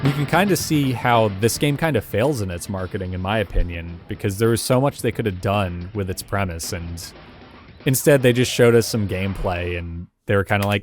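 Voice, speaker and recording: A man's voice: fairly low pitch, normal speed, soft background music. A man hosting a casual reaction video, thinking aloud about old game commercials with chuckles and filler words. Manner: casual and thinking aloud, with frequent "like" and "you know"; chuckles between remarks. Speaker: host. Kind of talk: reacting to and analyzing retro game ads.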